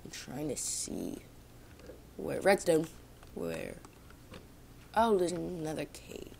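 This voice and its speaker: Low, gravelly young woman rambling. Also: big pitch swings, takes it slowly, mellow, slight background noise. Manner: rambling, self-mocking, talks to viewers. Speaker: gaming vlogger. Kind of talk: casual gameplay commentary. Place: home, indoors.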